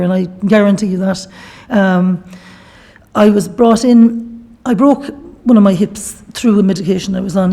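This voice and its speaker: Middle-aged Irish woman, Galway lilt, fast chatty storyteller with a husky, gravelly voice. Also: mid-range voice, dark tone. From Ireland. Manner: chatty storytelling, acting out quoted dialogue. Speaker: guest speaker. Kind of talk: personal testimony talk. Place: shrine workshop hall.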